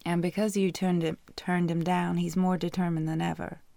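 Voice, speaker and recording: A man's voice: sits high, flat delivery, normal speed, gravelly, warm tone, no room sound. Woman doing a laid-back teasing male coach. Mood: easygoing. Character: friendly, easygoing male soccer coach.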